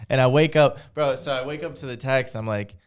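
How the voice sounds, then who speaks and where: Smooth-voiced young man telling a story. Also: medium pitch, brisk. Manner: animated storyteller, swears a lot, acts out quoted lines. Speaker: podcast host. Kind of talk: casual chat, storytelling.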